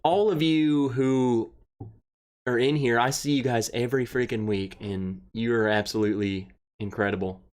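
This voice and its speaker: Young man, livestream host, casual rambling chat, excitable, emotional, mid-pitched voice. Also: normal speed. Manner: rambling, excitable, emotional, greets chatters by name. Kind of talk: casual livestream chat, reading viewer comments.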